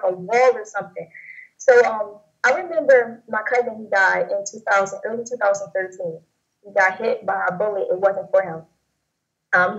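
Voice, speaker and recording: A young woman sharing a personal testimony in an interview, talking in a rambling, halting way with many fillers and restarts. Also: medium pitch. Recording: dull lo-fi audio.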